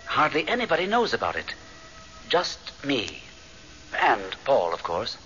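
A man's voice: mid-range voice, wildly swooping pitch, unhurried, pushed and bright, full character voice. An actor playing a sly male ghost who teases and hints, in 1970s radio drama acting. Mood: coy. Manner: coy, insinuating. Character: sly male ghost, Paul's friend, teasing. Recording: dull vintage radio broadcast with faint hiss.

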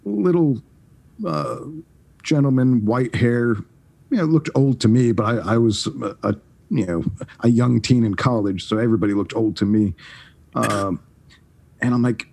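A man in his forties, a podcast guest, telling career stories in a casual, animated way, often restarting his sentences. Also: medium pitch, a little slow, vocal fry, long pauses. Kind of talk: casual storytelling.

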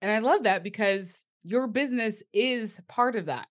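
A woman's voice: fairly high pitch, normal speed. A woman hosting a podcast in casual chat, affirming her guest and laughing often. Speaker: host.

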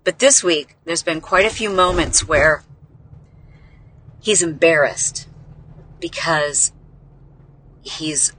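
Bright, heartfelt woman podcast host. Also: low voice, takes it slowly, pauses often, a little hiss or hum. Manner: heartfelt, rambling, heavy use of "like". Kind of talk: casual personal storytelling.

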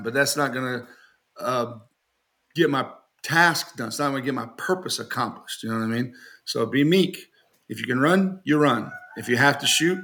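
A man's voice: medium pitch, bright, forceful tone. A man talking casually on a podcast as a knifemaker guest, telling joking stories and often laughing, and putting on raised voices when he quotes people.

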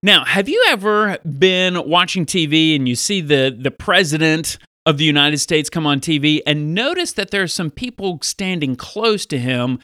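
A man's voice: a little high, normal speed, few pauses, no echo, clean studio sound. Upbeat pastor man teaching preteens. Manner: upbeat, animated. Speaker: pastor and podcast host. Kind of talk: storytelling and Bible teaching for preteens.

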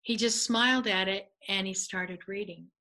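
A middle-aged woman, a guest, telling a personal faith story in an animated way, laughing often and acting out what others said. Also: mid-range voice, moderate pace, low-quality recording.

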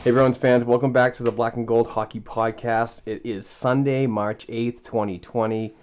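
A man hosting a podcast from a small home studio, casual and halting, repeating words and using many fillers. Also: mid-range voice, level tone, a little mellow, faint music behind. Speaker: podcast host. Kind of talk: casual chat.

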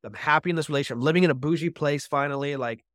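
A man's voice: fairly high pitch, racing, fairly bright tone, no echo, clean studio sound. A man guesting on a podcast, telling his personal recovery story in an earnest, heartfelt way, with many casual fillers.

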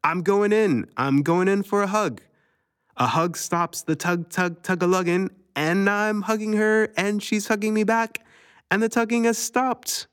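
Man voicing a silly, singsong cousin, high and bouncy. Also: expressive, normal speed, hardly any pauses, no echo, studio quality. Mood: playful. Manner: singsong, goofy. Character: playful young man teasing a small child.

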